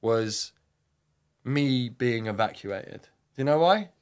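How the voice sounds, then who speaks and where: Slow, expressive, and clean in tone at a medium pitch, this thirties-aged veteran from the UK swears his way through a vivid, wandering war tale as a podcast guest. Whenever he quotes someone, he performs it loudly.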